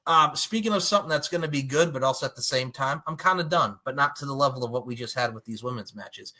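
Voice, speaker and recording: A man hosting a casual wrestling podcast, animated and swearing freely, slipping into mocking impressions. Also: medium pitch, fast talker.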